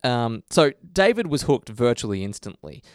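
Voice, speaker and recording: A man's voice: medium pitch, very animated, no echo, studio quality. An Australian man hosting a casual podcast chat, reading out listener mail between asides. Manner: chatty, reads listener mail, slips into quick impressions. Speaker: podcast host.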